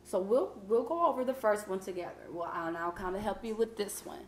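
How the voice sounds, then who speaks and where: A woman teacher leading a vocabulary lesson, patient and encouraging, reading clues out slowly. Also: mid-range voice, lively intonation, echoey room. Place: classroom.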